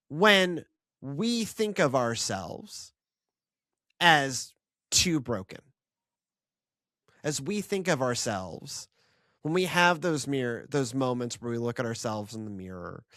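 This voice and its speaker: A podcast co-host in a casual Bible discussion, animated and full of fillers and restarts. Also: medium pitch, slow, pauses often, dry recording, studio quality.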